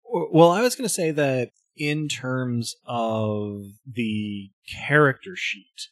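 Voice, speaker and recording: A man's voice: mid-range voice, takes it slowly, dry recording, studio quality. A man co-hosting a casual podcast chat, rambling with fillers and easy laughs. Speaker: podcast co-host.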